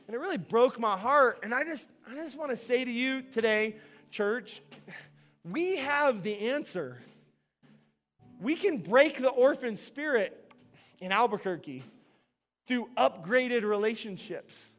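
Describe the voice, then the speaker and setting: A man's voice: very high voice, lively intonation, measured pace, fairly bright tone, faint music behind. A man pastor preaching a sermon to his church, telling a personal story in an emphatic, conversational way.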